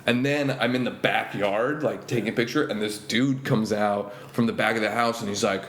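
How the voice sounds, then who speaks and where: A man's voice: normal speed, slight background noise. A young man, a comedian, telling stories in casual podcast chat and acting out the voices of the people he met. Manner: animated storyteller, acts out quoted voices in a higher pitch. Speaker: comedian guest. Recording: roomy echo.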